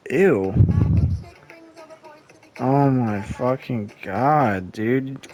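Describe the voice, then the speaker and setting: A man's voice: mid-range voice, very animated, very slow, long pauses, warm tone, faint music behind. Blunt, profane young-sounding man ranting. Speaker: vlogger. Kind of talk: casual rant to camera.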